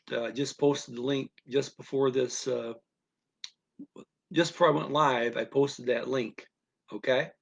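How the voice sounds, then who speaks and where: Husky and gravelly at a medium pitch, the man leads a listening lesson on a live stream as a language teacher. His delivery is slow and patient, full of repeated instructions punctuated by frequent "okay?" checks.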